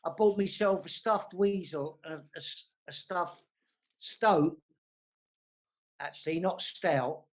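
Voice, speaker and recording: A man's voice: high-pitched, moderate pace. A man in his sixties with a London accent, a guest chatting casually on a panel over a video call, self-deprecating and full of restarts. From South London. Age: 60s.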